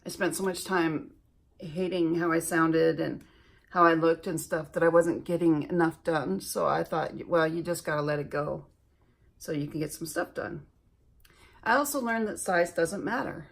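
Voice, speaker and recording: A woman's voice: lowish voice, vocal fry. A woman beauty vlogger chatting through her makeup routine, earnest and reflective, speaking directly to her viewers while filming at home. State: recovering from bronchitis. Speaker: beauty YouTuber. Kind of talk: chatty get-ready-with-me makeup talk.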